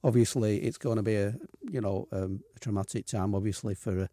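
A man co-hosting a radio rugby league show, talking casually in a halting way with many pauses and fillers. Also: fairly low pitch, fairly even intonation, dark tone, no room sound, clean studio sound. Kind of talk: casual radio sports chat. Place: radio studio.

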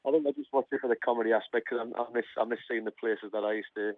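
A man's voice: medium pitch, steady tone, racing, no room sound. Geordie man on a tinny phone line. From North East England. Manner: chatty, says "mate" a lot. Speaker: footballer guest. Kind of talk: casual phone interview. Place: Australia, over a phone line.

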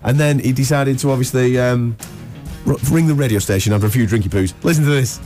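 A man's voice: mid-range voice, fast, darkish tone, faint music behind. A man, hosting a breakfast radio show and telling a funny story with plenty of laughs. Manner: laughing storyteller, acts out voices. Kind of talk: animated anecdote telling.

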